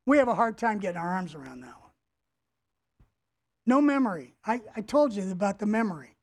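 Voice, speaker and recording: A man's voice: high voice, sing-song, fairly quick, darkish tone. A male pastor preaching a sermon, emphatic, repeating key words and having the congregation say them back. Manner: addresses the congregation directly.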